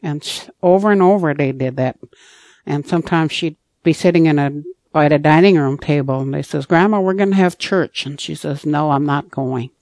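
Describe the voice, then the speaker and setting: A woman's voice: low voice, steady tone, normal speed, a little mellow, no room sound. A woman from Alaska gives a personal testimony as a guest, retelling past conversations by quoting what each person said. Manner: reenacts conversations with quoted dialogue. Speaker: guest telling her life story.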